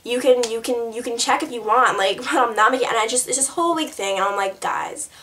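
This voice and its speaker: A woman's voice: fairly high pitch, fast, fairly bright tone, a little hiss or hum. A young woman chatting to camera in a rambling, giggly way, answering tag questions. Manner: bubbly, rambling, giggly, lots of "like". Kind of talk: casual chat to camera.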